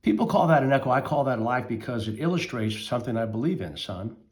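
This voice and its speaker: A calm, wise father speaks softly and reassuringly to his son, as a man storyteller voices him. The tone is gentle and patient, in a told fable. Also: medium pitch, fast talker, lightly acted.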